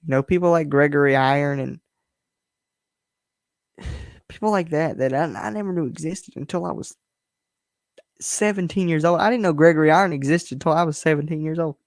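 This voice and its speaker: A man's voice: on the high side, normal speed, pauses often, no room sound, studio quality. A young man hosting his own show, talking in a blunt, emphatic way, swearing freely and often restarting his words. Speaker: host. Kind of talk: casual personal monologue.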